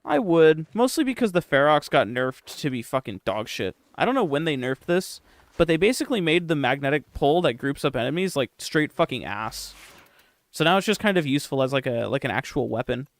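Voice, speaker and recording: A man's voice: medium pitch, big pitch swings, a little fast, no room sound. A young man streaming a game, chatting casually with his chat in a sarcastic, profane, rambling way.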